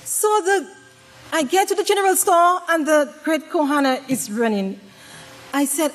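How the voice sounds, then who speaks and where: A woman giving a dramatic, humorous sermon-style talk to a congregation, swinging between loud exclamations and hushed tones and often asking the audience questions. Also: high voice, expressive, moderate pace, soft background music. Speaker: speaker at a women's presentation to a congregation. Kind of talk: preaching with humorous storytelling. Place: congregation gathering.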